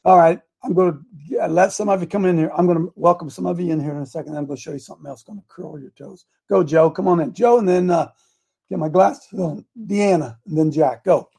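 A man hosting a political talk show, raspy and gravelly, preaching with fiery conviction and folksy slang. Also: on the high side, fast, warm tone. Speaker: host.

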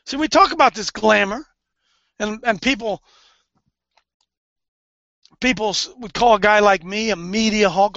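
Fervent male preacher, gravelly and bright-toned, on a dull, dry lo-fi recording. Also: high-pitched, measured pace, long pauses, no room sound. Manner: fervent, swings between hushed and loud. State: tearful. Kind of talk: impassioned preaching.

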